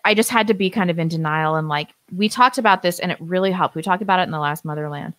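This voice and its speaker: Woman with a low voice, live-stream co-host, lively storyteller, dry close mic. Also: fast, no room sound. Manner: animated storyteller who acts out quotes, laughs often. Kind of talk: casual chat, telling a birth story.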